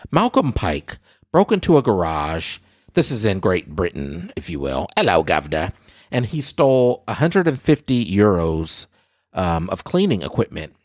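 A man in his forties hosting a casual show, reading odd news stories and bantering in an animated, exclaiming way. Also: on the low side, moderate pace, no echo, clean studio sound. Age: 40s. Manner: animated, exclaiming, addressing viewers as guys. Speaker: show host.

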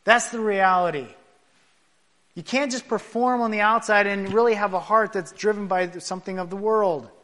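A man preaching a sermon, building to loud emphatic points and dropping soft at the ends of thoughts. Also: high voice, moderate pace. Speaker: pastor.

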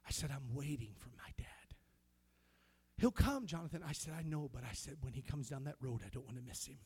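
A male pastor with an American accent telling a personal story in a sermon, dropping to hushed whispers and rising to shouted praise. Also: medium pitch, fast talker, breathy edge.

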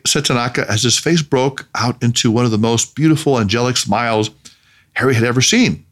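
A man narrating a story in a measured, expressive way. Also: mid-range voice.

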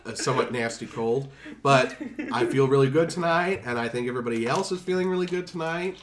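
A man's voice: mid-range voice, brisk, slight background noise. A young man with a stuffed-up voice from a cold, running a tabletop game as dungeon master in easygoing chat. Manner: laughing, easygoing, trailing off with fillers. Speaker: dungeon master and podcast producer.

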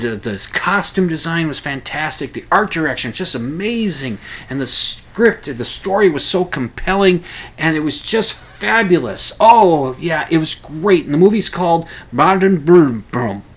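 Rambling man talking solo. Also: on the high side. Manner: rambling, animated, with frequent restarts. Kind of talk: casual solo monologue.

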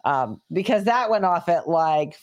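A woman's voice: lowish voice, animated, a little slow, dull audio. A woman co-hosting a podcast in casual chat, joking, swearing freely and laughing often. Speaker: podcast co-host.

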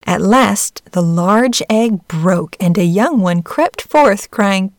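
A woman narrating a storybook fairy tale in an even, measured manner. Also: mid-range voice, no echo, studio quality. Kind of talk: storybook reading.

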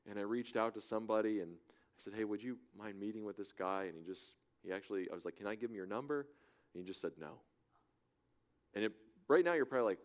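A man preaching a sermon as a church pastor, swinging between loud urgent appeals and hushed, soft pleas. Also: lowish voice. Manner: impassioned, swings from loud urging to hushed softness. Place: church in Germany.

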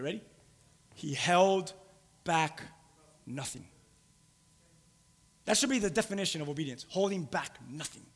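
Male preacher, bright punchy voice, repeats lines, echoey hall. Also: fairly high pitch. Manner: emphatic, repeats for stress. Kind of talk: sermon. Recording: long hall reverb.

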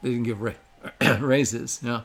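Older male guest, mid-pitched voice, slow halting storyteller, gentle. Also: fairly even intonation, soft background music. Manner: halting, many fillers, mild. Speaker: podcast guest. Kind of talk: casual podcast chat.

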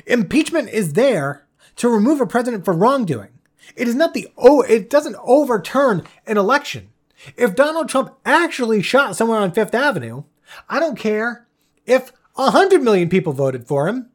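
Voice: mid-range voice, very animated, normal speed. A podcast host from the United States giving a solo political commentary rant, indignant and heated, swearing and stumbling over restarts.

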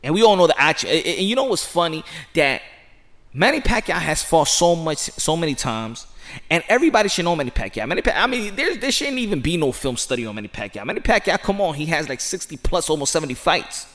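A man giving casual, excited commentary outdoors, rambling and repeating himself with sudden loud outbursts. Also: fairly high pitch, fast. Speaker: sports commentary vlogger.

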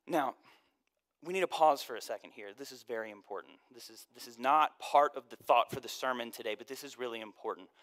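A man preaching a conversational sermon as a pastor, casual and joking, often sinking to a soft hush. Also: medium pitch, a little fast.

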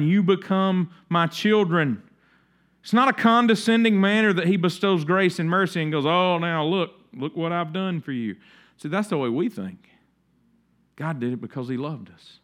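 A middle-aged man preaching a sermon with a high-pitched voice. He talks to the congregation casually and slips into the voices of the people he describes. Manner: conversational preaching, acts out quoted voices. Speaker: pastor.

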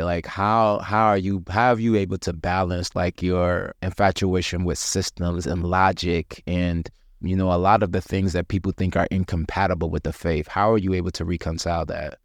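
A man hosting a podcast, relaxed and friendly, asking his guest questions and laughing easily. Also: low voice, normal speed, dry recording, studio quality. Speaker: podcast host. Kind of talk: casual faith conversation.

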